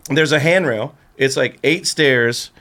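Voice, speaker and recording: A man's voice: medium pitch, unhurried, sharp tone. A man guest on a podcast, telling a rambling story in casual chat and acting out what others said. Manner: rambling storyteller who acts out the other voices.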